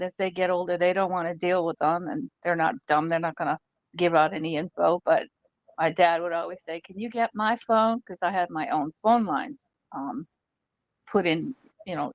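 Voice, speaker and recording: A woman telling a story in casual chat on a live stream, animated and laughing often as she goes. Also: on the low side, moderate pace, dry recording, dull audio.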